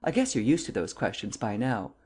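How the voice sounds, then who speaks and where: A reader voicing a brisk, inquisitive young woman who speaks American English with an Italian accent, firing off questions in a chatty, pert manner. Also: a bass voice, big pitch swings, dark tone, breathy edge, exaggerated voice. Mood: eager. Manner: pert, rapid-fire questioning.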